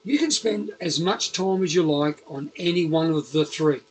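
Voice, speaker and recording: A man's voice: on the high side, moderate pace, darkish tone, husky, low-quality recording. A man with a Liverpool accent hosting a casual interview, rambling and chatty with lots of fillers and restarts. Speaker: podcast host.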